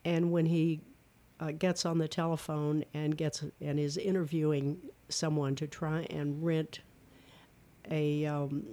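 A retired speech and theater teacher with an Eastern Kentucky accent, this older woman chats as a guest in a relaxed radio interview. Her voice is deep and measured, and she tells stories animatedly, switching into other voices to demonstrate.

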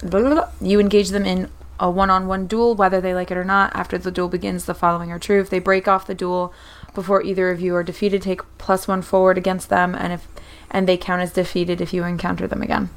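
A woman's voice: lowish voice, flat delivery, fast talker. A woman player in a tabletop role-playing game, chatting casually and thinking aloud about rules and moves.

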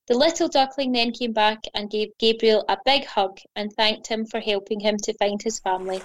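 Gentle woman reading a children's story. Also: mid-range voice, low-quality recording. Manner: gentle, expressive.

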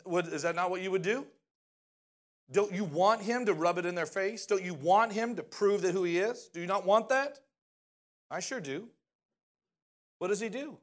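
Guy preaching a chatty sermon, kinda high voice, animated, keeps asking the crowd stuff. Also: normal speed. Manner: animated, often asks the audience questions. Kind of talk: conversational sermon.

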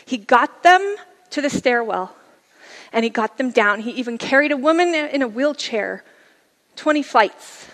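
A middle-aged woman giving a personal testimony from a church stage, her voice sitting a touch above the usual range for a woman. She tells it earnestly and conversationally, now and then dropping to a soft, hushed tone. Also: on the high side, in a large hall. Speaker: guest speaker sharing a testimony. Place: church service.

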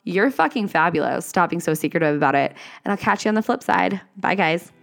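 A woman's voice: fairly low pitch, animated, brisk, gravelly, a bit bright, faint music behind. A woman hosting a motivational solo podcast, talking casually with lots of swearing and "like" fillers. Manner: swearing, gushing, uses many "like" fillers. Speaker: podcast host.

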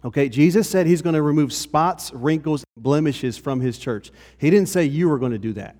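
A male pastor talks his congregation through a teaching in a relaxed, conversational way, often pausing to ask "okay?" His voice sits slightly high for a man. The sound carries a long hall reverb from the church space. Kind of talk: sermon.

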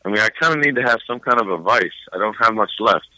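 Laid-back rambling guy with a bright voice. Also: lowish voice, fast talker, dry recording, rough recording. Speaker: podcast host. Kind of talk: casual chat.

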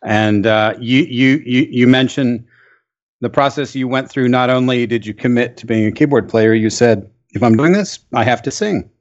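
A man hosting a podcast, asking interview questions in a measured way with halting restarts. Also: medium pitch, muffled recording. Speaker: podcast host.

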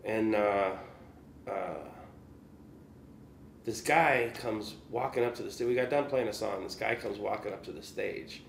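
A man's voice: fairly low pitch, measured pace, gravelly, pauses often, slight background noise. A man, a musician guest, telling a gig story in a loose, rambling way, with lots of "you know" and laughs. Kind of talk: casual storytelling. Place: room in Kansas City. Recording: echoey room.

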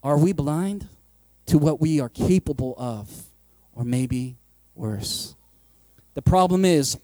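A man's voice: mid-range voice, expressive, unhurried, a little mellow, no echo. A man preaching a sermon as pastor, casual and joking, acting out the voices of his listeners.

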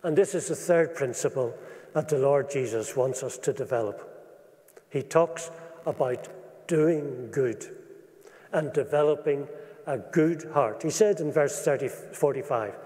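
A man delivers a sermon in a steady voice of middling pitch. He speaks earnestly and deliberately and slows down to stress verses. His voice rings with the long reverb of a large hall. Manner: measured, earnest preaching with slowed emphasis on scripture. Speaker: preacher.

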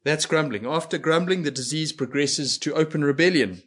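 Earnest preaching man, slightly high voice. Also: normal speed, a bit bright. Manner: earnest preaching with rhetorical questions and acted-out quotes. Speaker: pastor. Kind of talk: sermon.

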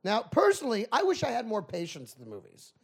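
A man with a high voice and a gravelly rasp, chatting on a comedy podcast. His pitch swoops around as he acts out stories and bursts into loud shouted asides. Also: huge pitch swings, fast. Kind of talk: casual comedy podcast chat.

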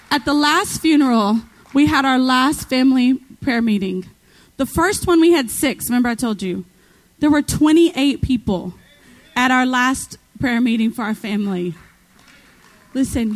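A woman with a high voice preaches a sermon as a guest speaker. She drives her points home with fervent, emphatic repetition. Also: rough recording.

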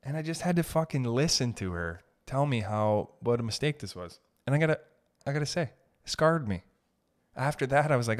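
A man at an average pitch hosting his own podcast alone. He tells stories in a loose, animated way, swearing freely. His laughs come in between the lines. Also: fairly quick. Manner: animated and profane, laughs as he talks. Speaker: podcast host. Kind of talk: solo storytelling podcast.

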